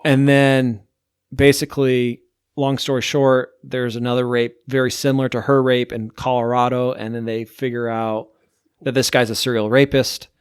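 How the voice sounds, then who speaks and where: A man's voice: medium pitch, level tone, moderate pace, clean tone, no room sound, studio quality. A man hosting a podcast, chatting casually and rambling through a ranking of TV shows, with lots of "like". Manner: rambling, heavy use of "like". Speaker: podcast host.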